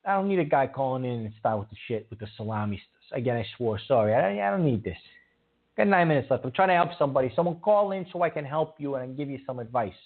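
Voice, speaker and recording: A man's voice: medium pitch, animated, fast talker. A man hosting a call-in show who stammers and gets riled easily. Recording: tinny phone-like sound.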